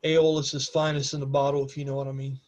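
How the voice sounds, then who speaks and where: A man doing a protective warrior, gentle, slow, measured. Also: medium pitch, flat delivery, close to an everyday voice. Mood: calm.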